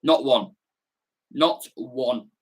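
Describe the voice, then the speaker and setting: A man's voice: medium pitch, very slow, slightly rough. A young man with a Salford accent, hosting a football watch-along and chatting bluntly with slang as he reads viewer comments. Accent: Salford, Manchester. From Salford, England. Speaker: football fan channel host.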